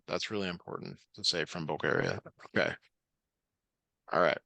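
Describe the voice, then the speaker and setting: A man's voice: low voice, steady tone, moderate pace, creaky, pushed and bright, no echo. A man tutoring a student online, patient and encouraging, with many fillers.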